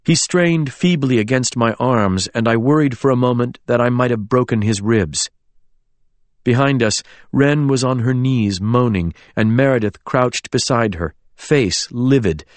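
A man reading a dramatic novel aloud as narrator, in an expressive way. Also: lowish voice, moderate pace, no room sound. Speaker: audiobook narrator. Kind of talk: scripted narration.

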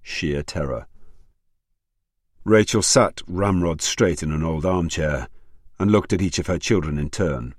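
A male narrator reads a novel aloud in a steady, measured way. His voice sits very low, and the recording is dry and close with no room sound. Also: no echo. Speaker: audiobook narrator. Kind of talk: scripted narration.

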